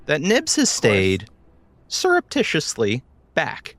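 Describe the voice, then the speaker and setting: A man narrating as game master of a tabletop fantasy game. He tells the story very slowly and dramatically, with a lively pitch that moves a lot. A faint music bed plays behind. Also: dry recording.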